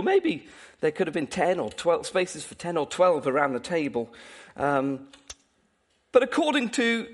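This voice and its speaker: A man preaching a sermon in an animated, playful way, often laughing. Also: high-pitched.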